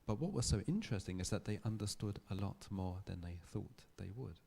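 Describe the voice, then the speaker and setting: A man giving a public lecture, telling a story in a thoughtful, measured way with small restarts. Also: on the low side, expressive, vocal fry, mellow, slightly rough. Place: lecture hall.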